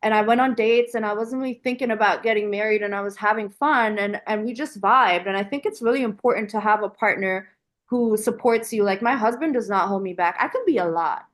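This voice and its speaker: A woman's voice: mid-range voice, brisk. A woman guest on a podcast, talking casually and animatedly with lots of filler words. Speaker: podcast guest, business founder. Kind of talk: casual conversational interview.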